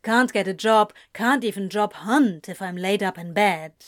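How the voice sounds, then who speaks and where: A woman voicing a guarded young man who talks bluntly and sarcastically, a bit louder than her narration. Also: mid-range voice, normal speed, no echo, studio quality, natural voice. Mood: bitter.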